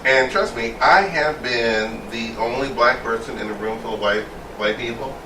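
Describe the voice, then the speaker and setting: A gay man chatting casually as a co-host, emphatic and animated as he tells his stories. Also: mid-range voice, moderate pace. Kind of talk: casual chat. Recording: roomy sound from a distance with faint noise.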